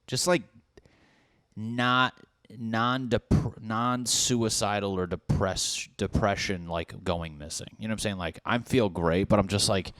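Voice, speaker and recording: A man's voice: fairly low pitch, steady tone, a little slow, a bit bright, no room sound, clean studio sound. A young man hosting his own podcast, rambling and riffing with plenty of swearing and acted-out bits of dialogue. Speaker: podcast host. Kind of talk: solo podcast rant.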